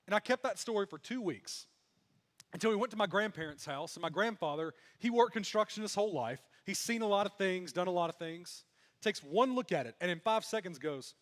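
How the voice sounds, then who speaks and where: Young male pastor, high pitch, humorous storytelling sermon, long reverb of a big room. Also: animated, normal speed. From Mississippi. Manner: storytelling with self-deprecating humor. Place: church sanctuary.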